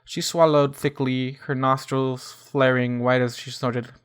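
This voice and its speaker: A man's voice: medium pitch, level tone, measured pace, clear, resonant tone. A man reading a first-person fan fiction story aloud, often stumbling and correcting himself. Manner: stumbling restarts and self-corrections.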